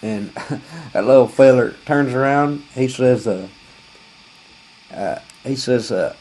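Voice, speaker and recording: A man's voice: medium pitch, slow pace, darkish tone, husky, low-quality recording. A man, telling a rambling, folksy, profane comic story full of fillers.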